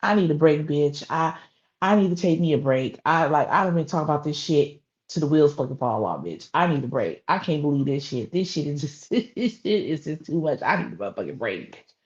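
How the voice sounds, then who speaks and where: Profane, animated woman streamer. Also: sits low, fairly quick. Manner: profane, animated, laughing often. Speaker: gossip streamer. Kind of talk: casual live-stream commentary. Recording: slightly dull lo-fi audio.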